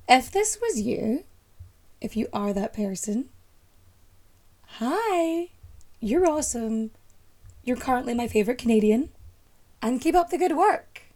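A young woman runs a history podcast, telling the story in a casual, playful way. Her voice sits a little high, with a warm, mellow tone. She keeps it chatty, full of jokes and asides. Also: vocal fry.

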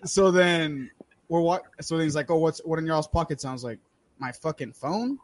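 A man's voice: fairly high pitch, fairly quick, a little hiss or hum. A man co-hosting a podcast, telling a story in casual chat and swearing freely. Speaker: podcast co-host. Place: podcast studio.

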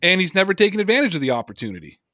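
Brief: talkative male podcast host, higher-pitched voice, dry close sound, emphatic and chatty. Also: big pitch swings, rapid-fire, pushed and bright, dry recording. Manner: emphatic, talkative, reads chat comments aloud. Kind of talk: casual sports talk.

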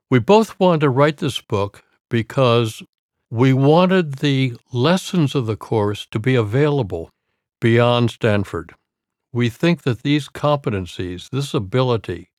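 An older man talks earnestly and at a measured pace about a book he co-wrote. His voice sits at an ordinary male pitch and is recorded dry and close. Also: no room sound. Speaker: author and teacher.

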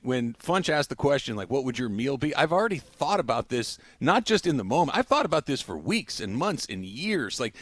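Animated sports radio host, lively pitch. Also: male voice, no echo. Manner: animated, rambling, self-amused. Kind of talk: casual sports radio banter.

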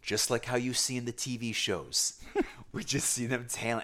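A man telling a long fishing story in casual chat, animated and self-mocking, with many asides and restarts. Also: medium pitch, moderate pace.

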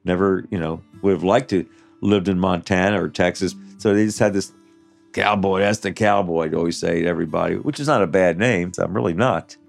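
A man in his seventies telling his life story in an interview, halting and full of restarts and "you know" fillers. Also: low-pitched, gravelly, faint music behind. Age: 70s.

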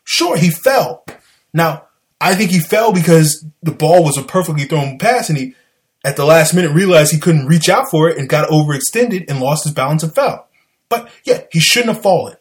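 Animated man arguing football plays. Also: fairly high pitch, normal speed. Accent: Southern US. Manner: animated, exasperated and argumentative. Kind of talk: casual sports commentary.

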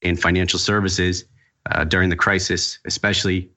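A man with a cold, a guest on a podcast, telling his story in a matter-of-fact, steady way. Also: low-pitched, moderate pace. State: fighting a cold. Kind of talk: casual interview answers.

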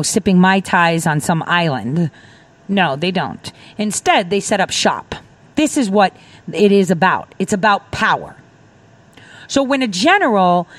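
Her voice is fairly low and the audio carries no echo. She's a defense contractor guesting on a political talk show, explaining things in an emphatic, rambling way and acting out quoted conversations.

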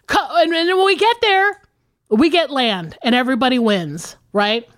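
A woman in her forties co-hosting a podcast, telling stories in a profane, animated way. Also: sits high, normal speed, dry recording. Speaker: podcast co-host. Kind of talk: casual chat.

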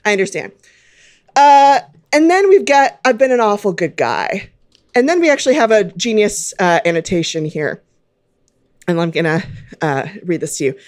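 A woman's voice: medium pitch, big pitch swings, moderate pace. A woman co-hosting a casual comedy chat, laughing often and slipping into mock voices. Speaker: podcast co-host.

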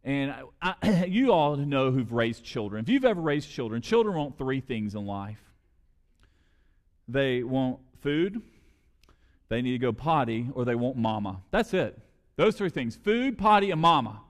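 A man's voice: medium pitch, sing-song, measured pace. A man preaching a sermon as pastor, moving from storytelling into fervent preaching. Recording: long hall reverb.

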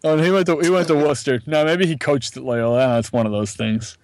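A man's voice: on the high side, steady tone, brisk, no echo. A man co-hosting a basketball podcast, chatting casually with plenty of hesitations and fillers. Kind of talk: casual sports chat.

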